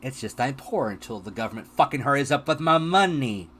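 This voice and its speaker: A man chatting casually as a guest on a live stream, animated and laughing, his voice a little strained. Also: mid-range voice, a little fast, slightly rough.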